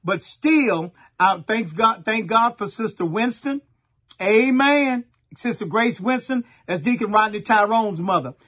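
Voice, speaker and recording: A middle-aged pastor from Texas, preaching a sermon in a folksy storytelling way and talking straight to the congregation. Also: male voice, high voice, animated, unhurried, a bit bright, highs cut off.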